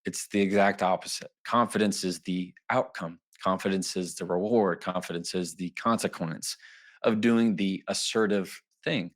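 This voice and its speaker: A lower-pitched man speaks as a guest on an interview podcast. He talks in a relaxed, conversational way and jumps into lively voices whenever he acts out what people say. His delivery stays animated and easygoing. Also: normal speed. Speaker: trial attorney and author, guest.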